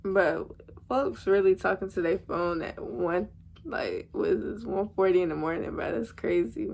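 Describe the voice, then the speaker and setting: Young woman, slight gravel, mid pitch, slangy chatty vlog storytelling. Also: normal speed, darkish tone. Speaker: vlogger.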